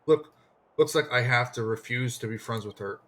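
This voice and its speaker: A man's voice: medium pitch, moderate pace, a bit bright, a little hiss or hum, close to an everyday voice. A man reading as a lonely rich young man. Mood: earnest. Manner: plain read-aloud, no put-on voice.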